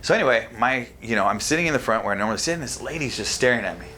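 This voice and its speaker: A middle-aged man from California, swearing freely as he tells stories. He is animated and talks casually on a podcast. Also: mid-range voice, racing, a little hiss or hum. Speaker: podcast guest. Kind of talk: casual storytelling chat.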